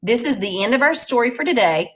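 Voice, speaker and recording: A woman's voice: fairly high pitch, expressive, quick pace, fairly bright tone, low-quality recording. A woman teacher reading a storybook aloud in a recorded class lesson, patiently explaining words and prompting her students.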